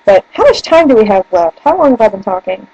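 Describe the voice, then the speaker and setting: A woman's voice: medium pitch, sing-song, fast talker, mellow, no echo, lo-fi sound. A young woman with a northern US accent, chatting casually in a rambling, giggly way. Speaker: vlogger. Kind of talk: casual chat. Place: room at home by a bookshelf.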